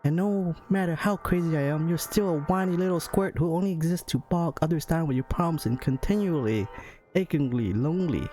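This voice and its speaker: A man's voice: a little high, brisk, dark tone, pitched above the performer's own voice, close to an everyday voice. A man reading the lines of a cruel, contemptuous young woman on a blind date in a raised, cutting voice, with faint music behind. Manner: cutting and scornful.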